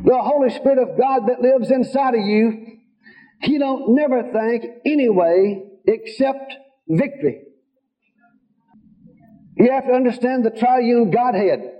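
A man's voice: very high-pitched, unhurried, long pauses, soft background music. A man preaching a sermon, telling stories in a folksy way and quoting conversations in his own voice. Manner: folksy storytelling, quotes God and others in his own voice. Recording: dull lo-fi sound.

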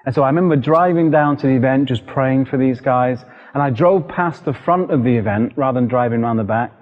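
A middle-aged British man preaching a sermon, telling a personal story in an animated, vivid way. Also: mid-range voice, brisk. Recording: dull lo-fi recording with long hall reverb.

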